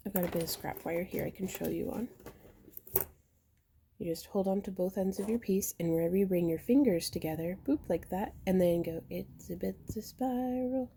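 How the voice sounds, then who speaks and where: A woman with a slightly hoarse voice, chatting casually as she explains a step-by-step craft tutorial while she works. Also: fairly low pitch, dark tone, a little hiss or hum. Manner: chatty, explains while working, with fillers and throat clearing. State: slightly losing her voice. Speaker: jewelry-making instructor.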